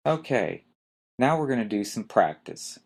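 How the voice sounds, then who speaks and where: A man's voice: mid-range voice, big pitch swings, unhurried, creaky. A man teaching anatomy in a recorded lecture who spells out terms letter by letter and quizzes his listeners. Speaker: instructor.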